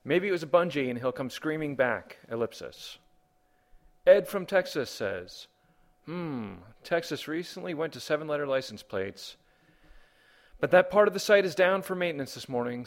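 A man's voice: medium pitch, big pitch swings, moderate pace. A man hosting a comedy podcast, reading listener comments and rambling through wry rhetorical questions. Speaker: podcast host.

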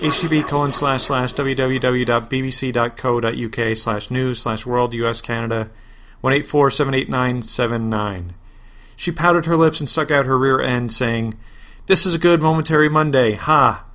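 Deadpan man reading a parody tale. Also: medium pitch, moderate pace. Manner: deadpan, reads web addresses and asides flatly. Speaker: podcast host. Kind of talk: comic reading of a parody superhero story.

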